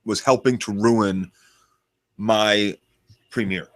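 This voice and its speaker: A man's voice: fairly low pitch, fairly even intonation, slow pace. A man co-hosting a casual TV review chat, joking and rambling. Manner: joking, rambling, laughs easily. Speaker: podcast co-host.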